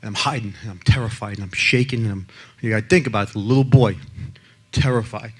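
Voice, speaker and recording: A man's voice: lowish voice, fast talker, breathy edge. Blunt man giving testimony. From the Bronx, New York. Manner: blunt and emphatic, swinging between loud and hushed. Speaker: abuse survivor and advocate speaker. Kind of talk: personal testimony.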